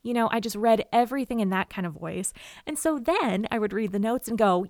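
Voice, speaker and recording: A woman giving casual writing advice to camera, expressive and chatty, often acting out quotes. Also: medium pitch, a little fast, no room sound, clean studio sound. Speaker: writer and vlogger.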